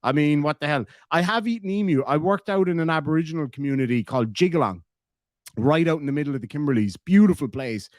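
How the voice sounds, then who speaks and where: A man's voice: a little high, animated, fast talker, darkish tone, no echo, studio quality. An Irish man in casual chat, reading out viewer messages and telling rambling stories, swearing freely. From Ireland.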